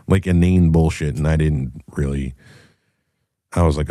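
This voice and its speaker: Male host, extremely low voice, mellow dark tone, profane, casual storytelling. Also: unhurried, long pauses, no echo, clean studio sound. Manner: profane, blunt, animated storytelling. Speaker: podcast host.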